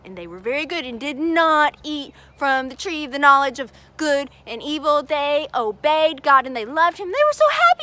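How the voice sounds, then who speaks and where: Very high, animated woman storyteller. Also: moderate pace, few pauses, heavy background noise. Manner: animated, sing-song and exaggerated for kids. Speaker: children's chapel storyteller. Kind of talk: children's Bible storytelling.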